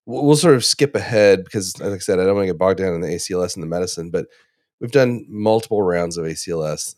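Male clinician leading a case talk; low voice, dry close sound, quick and halting delivery. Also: expressive, a little mellow, no room sound. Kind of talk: casual discussion.

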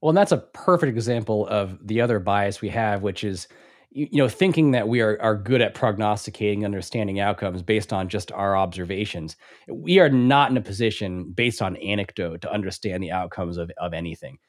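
A somewhat low-voiced man, speaking as a hospital clinician in a relaxed conversation. He makes his points emphatically, leans on evidence over anecdote and breaks into short laughs. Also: a little fast. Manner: emphatic, argues from data, laughs between points. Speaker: ICU clinician, podcast co-host. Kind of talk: casual professional discussion.

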